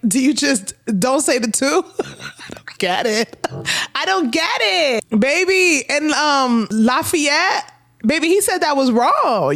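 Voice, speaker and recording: A woman from Miami hosting a reaction video, animated and teasing, laughing often as she comments. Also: sits high, creaky. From Miami, Florida.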